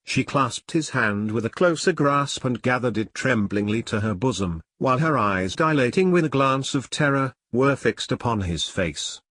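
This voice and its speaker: In this dramatic audiobook of an old novel, a male narrator reads a melodrama at a steady, measured pace. His voice sits at a middle pitch, captured close up and dry with no echo from the room.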